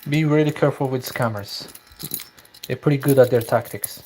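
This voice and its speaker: A man casually telling viewers about a scam call, indignant and animated, with many restarts. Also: mid-range voice, moderate pace, a little hiss or hum. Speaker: vlogger.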